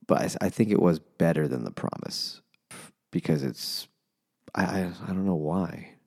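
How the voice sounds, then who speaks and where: Deep gravelly man with a lively voice. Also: normal speed. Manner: loose, swearing, hesitant. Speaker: book podcast co-host. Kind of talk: casual chat over beers.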